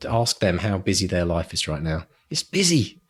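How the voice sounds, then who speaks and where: A middle-aged man co-hosting a podcast about writing, casual and enthusiastic, working himself up into excited pep talks. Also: low-pitched, brisk, husky. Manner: enthusiastic, gets louder and louder. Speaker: podcast co-host.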